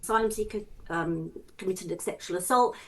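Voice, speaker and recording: A woman's voice: on the low side, brisk, fairly bright tone. Earnest posh English woman. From England. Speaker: local resident interviewed on the news. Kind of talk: news interview.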